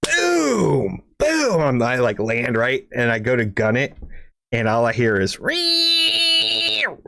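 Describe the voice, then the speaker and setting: Against a noisy background, a man co-hosting a casual podcast spins a long, wandering, profane tale at a moderate pace in a medium-pitched voice. He keeps adding "right?" asides and gets animated, imitating engines and making sound effects.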